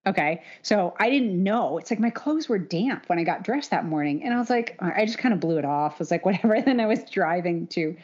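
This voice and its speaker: A woman's voice: on the low side, expressive, brisk, hardly any pauses, a little mellow. A middle-aged woman co-hosting a casual podcast, chatty and laughing often as she talks. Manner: chatty, laughs often, puts on mock voices. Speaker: podcast co-host. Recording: dull lo-fi audio.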